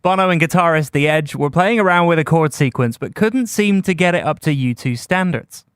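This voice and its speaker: A man hosting a music history podcast, reading scripted narration in a measured storytelling way. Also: on the high side, fairly bright tone, clear, resonant tone, no echo, studio quality. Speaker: podcast host.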